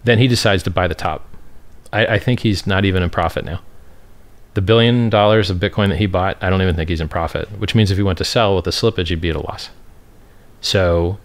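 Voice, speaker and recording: A low-pitched man answers interview questions as a crypto founder. He talks brashly and with scorn for his critics, boasting about his own success. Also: fairly quick.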